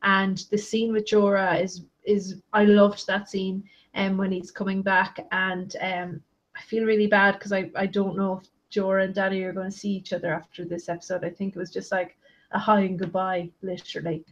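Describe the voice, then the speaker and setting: A woman's voice: mid-range voice, little pitch movement, normal speed. A woman on a live video call, talking hesitantly with many ums, over dull lo-fi audio. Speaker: guest panelist.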